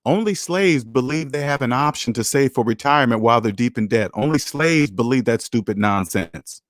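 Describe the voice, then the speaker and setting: A man in the middle pitch range, talking straight into a dry, close microphone. He lectures insistently, hammering on the same points, swinging from loud stresses to low asides as he comments on an article. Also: expressive, moderate pace, no room sound. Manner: emphatic, repetitive, lecturing, swings loud and soft. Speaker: personal finance vlogger. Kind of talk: preachy video commentary reading an article.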